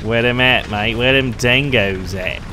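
A man putting on a deliberately bad Australian accent as a jokey outback bloke. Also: medium pitch, sharp tone, a little hiss or hum. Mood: mock outback. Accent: put-on Australian. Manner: exaggerated, drawn-out mock accent.

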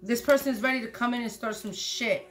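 A woman's voice: fairly high pitch, a little fast, faint music behind. A woman doing a casual tarot reading, blunt and profane, repeating her points. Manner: acts out quoted lines loudly. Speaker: tarot reader.

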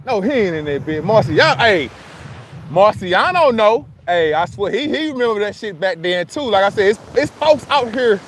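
High-voiced man chatting loosely on a livestream. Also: sing-song, normal speed, a bit bright, a little hiss or hum. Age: middle-aged. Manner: loose, profane, laughing often, talking back to chat comments. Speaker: livestream host. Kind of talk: casual livestream chat. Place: outdoors at a beach.

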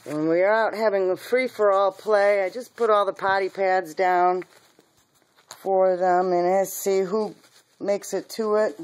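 Slow-talking woman chatting about her puppies. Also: mid-range voice, steady tone. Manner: cooing baby talk to puppies. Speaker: dog breeder. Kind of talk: casual video chat with puppies.

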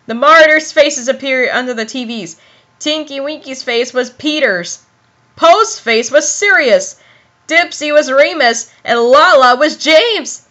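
A woman's voice: high-pitched, animated, a little slow, pushed and bright, highs cut off. A young woman giving a comic dramatic reading of a fan story, giggling and exclaiming as she goes. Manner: giggly, exclaiming, self-interrupting. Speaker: reader of fan fiction.

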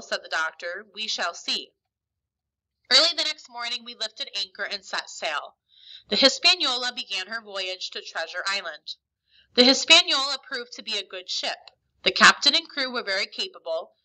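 A woman's voice: medium pitch, pushed and bright, poor audio. A woman teacher reading a story aloud to her class expressively, with small slips and restarts, then giving instructions.

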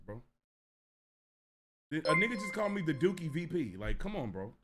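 A young man streaming live, ranting to his chat in a casual, profane, animated way. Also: on the high side, normal speed.

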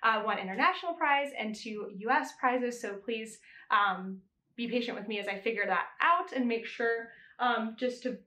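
Bright, chatty woman podcast host. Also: a little high, normal speed, echoey room. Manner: chatty, laughs often, self-correcting. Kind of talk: casual chat.

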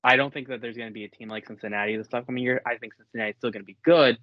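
A college-age man hosting a casual sports podcast, excitable and opinionated, often restarting his sentences. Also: mid-range voice, rapid-fire, dry recording. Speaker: podcast host. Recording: dry, dull lo-fi audio.

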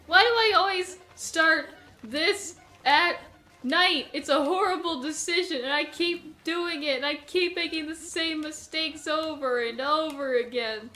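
A woman's voice: high voice, a little slow, sharp tone, faint music behind. A young woman commenting on her own gameplay, who panics and shrieks in tense moments, then rambles and laughs at herself. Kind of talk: let's play commentary.

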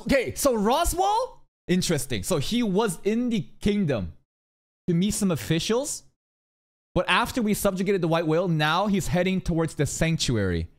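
Excitable man reacting on stream. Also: a little high. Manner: excitable, swears freely, exclaims and asks rhetorical questions. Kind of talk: live reaction commentary.

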